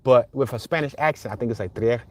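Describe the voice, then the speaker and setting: A man's voice: medium pitch, fast talker, no echo. A man hosting a live driving tour, chatting casually and reading out viewer comments as he goes. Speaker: livestream host driving a neighborhood tour. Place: inside a car on city streets.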